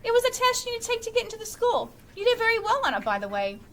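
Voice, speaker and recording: Woman reader as a soft, coaxing mother in a storybook read-aloud, high voice. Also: sing-song, very fast, exaggerated voice. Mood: apologetic. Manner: soothing and persuasive. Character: a gentle, reassuring mother.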